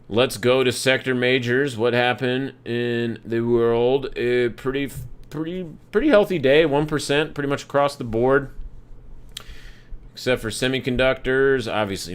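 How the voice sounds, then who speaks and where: A man's voice: mid-range voice, clean tone. A young man hosting a live market analysis stream, talking casually through charts with loose, jokey, profane asides. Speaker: market analysis livestream host.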